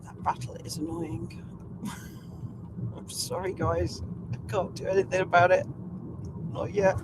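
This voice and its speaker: A woman's voice: on the low side, level tone, a little slow. A woman in casual live commentary while she drives, talking to viewers and laughing often. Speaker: storm chaser streaming live. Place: inside a moving car. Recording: faint road noise from the car.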